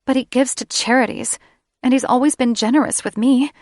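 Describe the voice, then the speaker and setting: A woman's voice: sits high, fairly even intonation, a little fast, darkish tone, no echo, studio quality, pitched above the performer's own voice, natural voice. A woman narrator voicing a distressed young siren woman who pleads and trembles with emotion in an audiobook. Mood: upset, pleading. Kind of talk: audiobook character reading.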